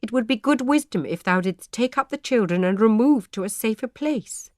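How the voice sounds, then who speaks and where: Reading a troubled, devout male parson's grave, formal old speech, a woman uses a voice a little higher than her own yet close to how she'd normally talk. Her intonation is lively, her speed normal, and her tone a little mellow. It's studio quality with no room sound.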